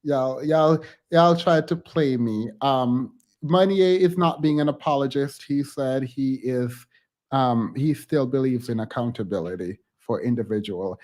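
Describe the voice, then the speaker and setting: A man hosting a casual livestream chat, teasing his guests in quick playful banter. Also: medium pitch, a little mellow. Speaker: livestream host.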